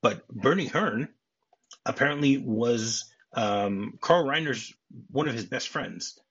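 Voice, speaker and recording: A man's voice: medium pitch, lively intonation, slow, fairly bright tone, husky, muffled recording. A man co-hosting a podcast, chatting casually and explaining film scenes and trivia at length. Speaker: podcast co-host.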